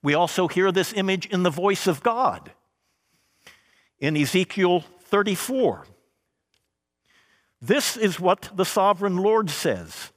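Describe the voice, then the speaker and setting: Male pastor, sermon, slow emphatic delivery, dramatic pauses, somewhat high voice. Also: very animated, fairly bright tone, in a large hall.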